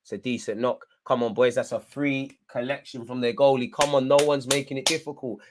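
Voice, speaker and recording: This is a young man's energetic live fan commentary on football: he urges the players on and alternates between frustration and hype. His voice is mid-range and his pace brisk.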